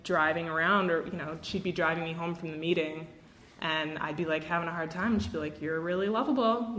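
A woman's voice: fairly low pitch, a bit bright. A young woman sharing her own recovery story at a meeting, casual and self-mocking with lots of fillers. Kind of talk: candid personal talk to a meeting. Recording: roomy echo, faint room noise.

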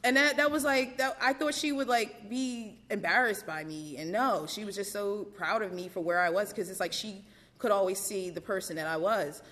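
A woman tells her own recovery story in a candid, conversational way. She talks loosely, with many fillers and laughs breaking through, at a middle pitch. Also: normal speed, a bit bright. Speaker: recovery meeting speaker. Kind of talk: personal testimony.

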